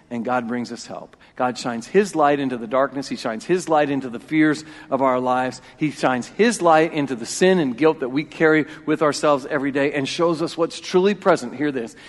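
A man in his forties preaching a sermon as pastor, emphatic and repeating key phrases, swinging between loud and hushed. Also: medium pitch, normal speed, hardly any pauses. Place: church sanctuary. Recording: long reverb of a church hall.

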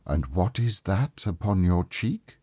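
A man voicing a gentle, ageless, childlike ghost, speaking softly in a slow, hushed and measured way. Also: low voice, lively intonation, breathy edge, dry recording, studio quality, exaggerated voice. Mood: gentle, solemn. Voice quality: soft, gentle voice.

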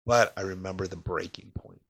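A man telling a personal story of crisis in an emotional, halting way, his voice sinking quiet in the hardest parts. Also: fairly even intonation. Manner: emotional, pausing, voice drops low and quiet in heavy parts.

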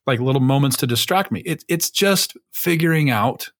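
A man's voice: mid-range voice, animated, moderate pace. A man co-hosting a podcast in casual chat, rambling and self-mocking, swearing freely. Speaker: podcast co-host.

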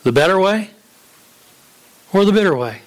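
A man's voice: high voice, expressive, normal speed. A man, a pastor, preaching a sermon in an earnest, emphatic way with rhetorical questions.

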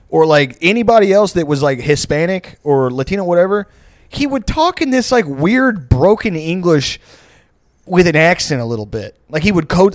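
His voice sits high, captured as clean studio sound with no room sound. A young podcast co-host, he rambles through profane comic stories in a casual storytelling style and laughs frequently.

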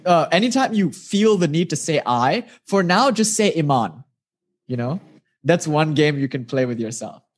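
A man with a slightly raised voice guides a listener through meditation exercises in a patient, gently instructive tone. He talks casually and with animation, as if on a video call. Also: a little high, animated, normal speed. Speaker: meditation teacher.

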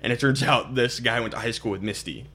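A man's voice: mid-range voice, fast, pushed and bright, a little hiss or hum. Young man, podcast host, loose rambling delivery. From Minnesota. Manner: chatty, rambling, many fillers and restarts. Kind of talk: casual podcast chat.

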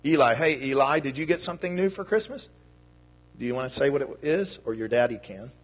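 This medium-pitched man sounds expressive and fairly quick as he gives a children's sermon. His manner with the kids is playful and friendly, and the church hall setting leaves a long reverb on the recording.

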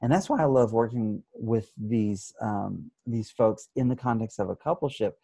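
A man who works as an addiction therapist, explaining his approach in an interview with thoughtful pauses and frequent restarts. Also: fairly low pitch, vocal fry, warm tone, husky, no room sound. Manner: thoughtful, many restarts, acts out examples.

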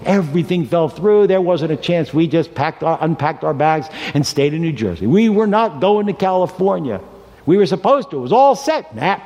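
A man in his sixties preaching a sermon, telling stories with animated delivery and acting out the characters' lines. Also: fairly high pitch, gravelly. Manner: animated storytelling, voices the characters. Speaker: pastor. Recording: reverberant hall.

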